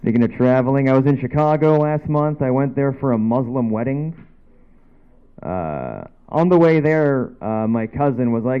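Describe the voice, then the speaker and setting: A man's voice: medium pitch, normal speed, clear, resonant tone. A man from Canada doing a loose, rambling stand-up set on a dive bar stage, full of offhand asides. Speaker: stand-up comedian. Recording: dull lo-fi bar recording.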